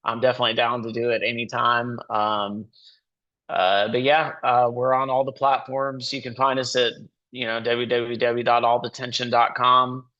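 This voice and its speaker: Male musician guest, casual rambler, mid pitch, dull lo-fi audio. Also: completely flat delivery, normal speed, pushed and bright. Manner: rambling, many "like" fillers. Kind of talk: casual interview chat.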